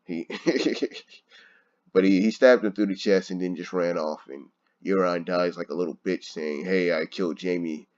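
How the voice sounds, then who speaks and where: Casting note: deep-voiced male reviewer, exasperated and profane, muffled home recording. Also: steady tone, measured pace, darkish tone. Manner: frustrated, swearing, laughing often. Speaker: show reviewer. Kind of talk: casual ranting review.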